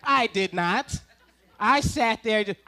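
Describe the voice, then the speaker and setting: Bright-voiced, lively storytelling preacher man. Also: sits high, slow. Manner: animated, humorous storyteller with asides to the congregation. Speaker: ministerial intern preaching. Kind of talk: sermon with personal storytelling. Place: church service before a congregation.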